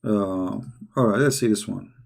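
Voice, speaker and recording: Hoarse, gravelly man, heated commentary. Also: lowish voice, darkish tone. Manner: heated, rhetorical questions, halting non-native English. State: hoarse, losing his voice. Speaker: online commentator. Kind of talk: polemical commentary while reading texts aloud.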